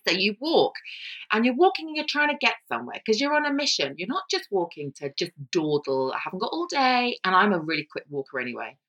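A middle-aged woman, co-hosting a casual chat podcast and telling stories with lively mimicry. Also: quick pace, highs cut off. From England. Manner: animated storyteller, mimics people in high voices. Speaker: podcast co-host.

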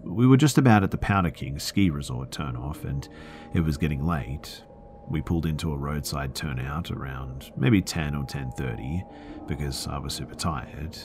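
A man's voice: rumbling low, animated, normal speed, soft background music. A man hosting a podcast, reading listener horror stories aloud in a dramatic scripted narration that sometimes drops to a whisper.

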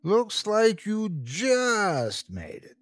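A man's voice: high-pitched, wildly swooping pitch, drawn-out words, dry recording, studio quality, pitched above the performer's own voice, full character voice. A man voicing a grinning, teasing carnival ticket taker with a sinister edge.

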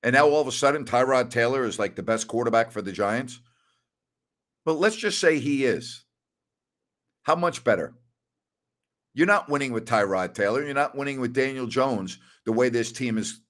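An older man hosts a sports talk show on his own, answering listener questions. He rants with pointed rhetorical questions and speaks in an emphatic, conversational way at a middle pitch. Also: lively intonation, normal speed, pauses often, a bit bright. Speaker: sports radio host.

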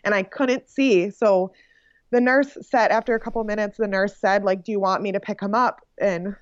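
A woman's voice: mid-range voice, moderate pace, no echo, dull audio. Chatty young woman telling a story. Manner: animated, frequent "like" fillers and laughs. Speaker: podcast guest sharing her birth story. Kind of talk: casual conversational storytelling.

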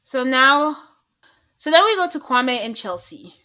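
A woman with a bright, fairly high voice recaps a reality show on a podcast. She talks casually and keeps jumping into little impressions of the cast as she goes. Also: a little slow. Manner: animated, acts out quotes from the show. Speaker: podcast co-host.

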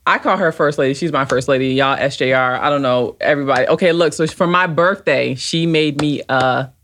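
A woman with a low voice co-hosts a live podcast. She talks in a relaxed, casual way and jokes easily. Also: a little fast. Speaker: podcast co-host and producer. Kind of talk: casual live-stream chat.

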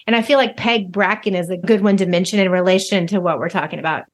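A woman's voice: lowish voice, steady tone, fast. Playful woman podcast co-host. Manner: playful, teasing, talks things up. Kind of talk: casual podcast chat.

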